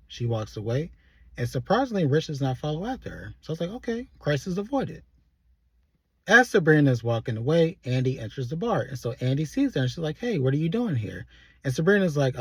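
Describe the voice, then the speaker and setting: A man's voice: mid-range voice, darkish tone, husky, no echo. A man reviewing a TV episode in casual recap commentary, loosely acting out the characters' lines as he retells each scene. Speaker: TV show reviewer.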